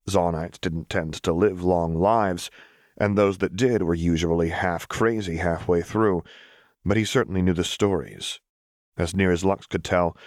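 Deep-voiced male audiobook narrator. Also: dry recording, studio quality. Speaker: audiobook reader. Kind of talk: scripted narration.

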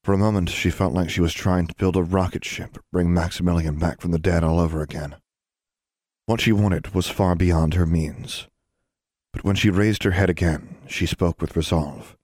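A man narrating a storybook in a steady, measured way. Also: low voice, dry recording, clean studio sound. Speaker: audiobook narrator.

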